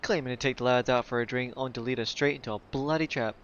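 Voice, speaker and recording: A man's voice: mid-range voice, fast, dull audio, a little hiss or hum, lightly acted. A man reading aloud the lines of an indignant, cursing man from a video game, in his own plain voice. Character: indignant man, a rough, cursing adventurer's comrade.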